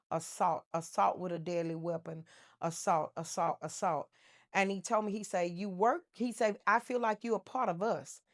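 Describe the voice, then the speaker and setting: A woman giving a personal testimony in a casual, emotional storytelling way, with many fillers and restarts. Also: lowish voice. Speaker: testimony speaker.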